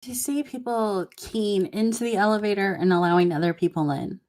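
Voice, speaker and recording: A woman's voice: mid-range voice, a little fast, a little mellow. A woman playing a tabletop role-playing game, asking questions and chatting casually. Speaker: player.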